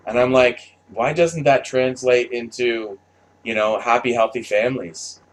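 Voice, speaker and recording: A man's voice: mid-range voice, fairly even intonation, a little slow, slight background noise. A man delivering an unscripted, blunt monologue with lots of swearing and restarts. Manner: blunt, profane, rambling with restarts. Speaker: commentator.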